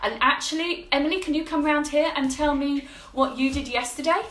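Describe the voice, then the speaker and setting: A woman's voice: high voice, fairly quick, a bit bright, roomy sound, a little hiss or hum. A woman hosting a casual live stream from her home kitchen, chatty and upbeat, greeting viewers by name. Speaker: host of a live cleaning-product show.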